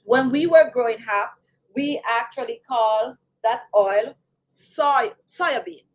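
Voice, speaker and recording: A woman with a Jamaican accent talks casually and animatedly, speaking straight to her audience. Her voice sits high. She keeps turning to the viewers and asking them to chime in. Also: slow, low-quality recording. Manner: chatty, animated, addresses viewers directly. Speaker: beauty channel host. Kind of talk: casual talk to camera.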